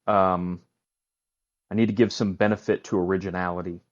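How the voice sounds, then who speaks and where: A man's voice: sits low, flat delivery, normal speed, dry recording, lo-fi sound. A middle-aged man co-hosting a gaming podcast in casual chat, hesitant with many ums, making wry jokes. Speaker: podcast co-host.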